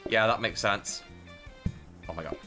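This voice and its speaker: A man's voice: fairly low pitch, measured pace. A young man playing a cooking game with friends, exasperated and mock-outraged at his teammates. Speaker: gamer playing head chef. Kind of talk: casual co-op gaming chat. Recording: faint game music behind.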